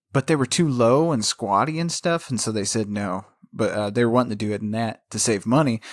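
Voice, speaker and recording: A man's voice: lowish voice, no echo, clean studio sound. A man co-hosting a casual podcast, chatting about a film, laughing often and rambling through trivia. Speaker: podcast co-host. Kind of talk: casual film discussion chat.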